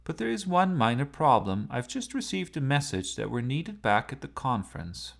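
A man voicing a talkative, polite self-driving sports car with a precise, matter-of-fact manner, with a lively, gravelly voice. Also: medium pitch, normal speed, voice pushed up. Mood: chatty.

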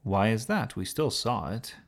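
A man voicing a dry, patient grown man in a children's story, talking in a deadpan way. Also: lowish voice, a little slow, vocal fry, heavily acted. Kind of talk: storybook character voice.

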